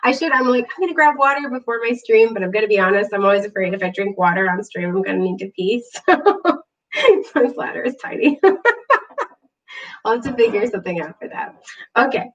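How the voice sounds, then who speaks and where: A woman giving a casual tarot reading, bubbly and gushing, chatty with lots of fillers, clearing her throat from allergies. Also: medium pitch, very animated, moderate pace, pauses often, far from the mic, muffled recording. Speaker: tarot reader. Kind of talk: casual spiritual reading to camera.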